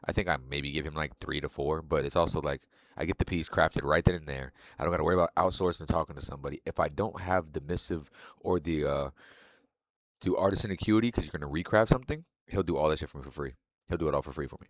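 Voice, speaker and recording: A man's voice: very deep voice, fast, no room sound, lo-fi sound. A man streaming a game and chatting casually with viewers, loose and profane, laughing often. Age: adult. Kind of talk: casual live-stream chat.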